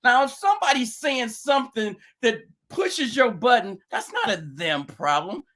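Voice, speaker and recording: A man's voice: very high-pitched, expressive, moderate pace, a bit bright. A man joining a podcast by remote link as a guest, teasing the hosts with provocative takes. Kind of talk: casual chat. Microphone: remote call link.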